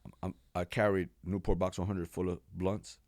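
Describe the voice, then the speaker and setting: A man in his forties, a pastor from New York, telling his life story as a podcast guest in an animated, casual way with slang. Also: low-pitched, moderate pace, no echo. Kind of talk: personal testimony in a podcast interview.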